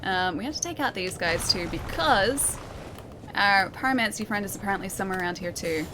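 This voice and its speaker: A woman's voice: mid-range voice, brisk, noisy background. A woman streaming a game, chatting casually, reading chat aloud and laughing often. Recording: game music behind.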